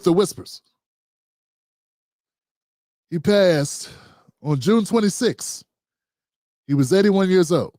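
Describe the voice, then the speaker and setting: A man's voice: fairly high pitch, a little mellow, no echo, clean studio sound. A man in his fifties hosting his own political talk show, talking loosely and joking with slang and rambling asides. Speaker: host.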